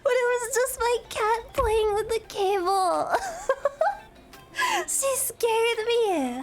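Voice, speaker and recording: A woman streaming a game from her desk at home, excitable and giggly, swearing freely in casual chat. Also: very high-pitched, slow pace, faint music behind.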